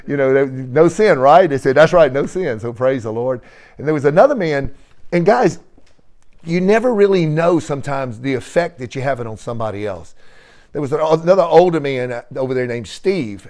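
A man leading a church gathering, telling an animated testimony with laughter and frequent praise. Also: medium pitch. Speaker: church fellowship leader.

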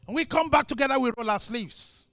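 A man preaching a sermon as pastor, impassioned, swinging between shouted lines and quiet ones. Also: very high voice, a little fast, no room sound, studio quality.

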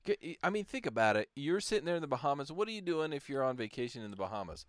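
A man's voice: medium pitch, very animated, fast, dry recording, studio quality. Easygoing male podcast co-host. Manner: easygoing, agreeable, laughs often. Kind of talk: casual chat.

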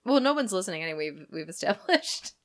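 A woman's voice: fairly low pitch, big pitch swings, fast talker. Dry, sarcastic woman podcast co-host. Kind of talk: casual comedic chat.

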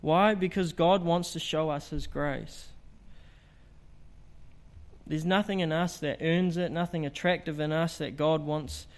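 Male preacher, slightly raised pitch, earnest and emphatic delivery, sermon. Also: fairly even intonation, unhurried, long pauses. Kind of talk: evangelistic sermon.

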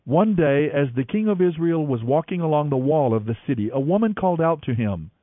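A man's voice: on the high side, animated, no echo. Man teaching Bible on thin radio. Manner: measured, explanatory, reads scripture aloud. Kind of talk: Bible reading and teaching broadcast. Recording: dry, phone-like narrow radio sound with faint music.

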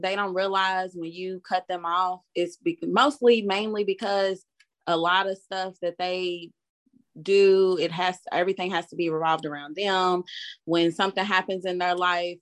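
An agreeable woman joins a casual conversation. She backs up her partner with quick interjections, then lays out her own view in an easygoing, plain way. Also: lowish voice, steady tone. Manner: agreeable, chimes in with short backing remarks. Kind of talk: casual chat.

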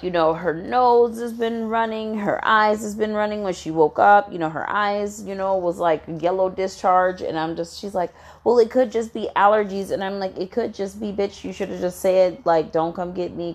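A woman telling a casual storytime rant about her landlord and rent, blunt and swearing freely, with lots of "you know" and "um". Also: on the low side. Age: adult with a daughter.

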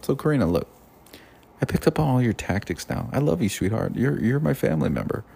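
Gravelly-voiced man telling a personal story. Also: mid-range voice, fairly quick. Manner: animated storytelling, quoting others in raised voices. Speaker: podcast host. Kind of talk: personal monologue addressed to someone.

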